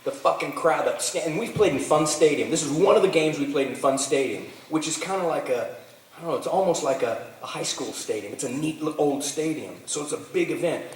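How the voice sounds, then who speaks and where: A man, telling animated, profane stories at a convention panel, stammering and restarting as he goes. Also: a little high, fairly quick, a little hiss or hum. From Texas. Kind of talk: profane anecdotal storytelling. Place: large convention hall. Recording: roomy hall, voice from far off.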